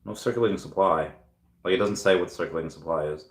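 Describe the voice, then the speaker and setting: Guy with a lowish voice rambling on a stream at home, lots of ums, echoey room. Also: quick pace. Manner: rambling, thinking aloud with many fillers. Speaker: crypto livestream host. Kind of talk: casual livestream chat, reading viewer comments aloud.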